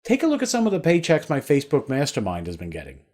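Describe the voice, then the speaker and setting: A man's voice: medium pitch, wildly swooping pitch, fast talker, a little mellow. A man narrating a scripted sales webinar in a persuasive, storytelling way.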